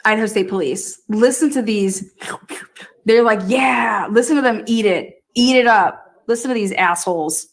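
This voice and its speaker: A woman's voice: fairly high pitch, moderate pace. A woman hosting a true crime livestream, ranting in crude casual talk and cackling often. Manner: loud, swearing, cackling often. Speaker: true crime streamer host. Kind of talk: profane casual livestream rant.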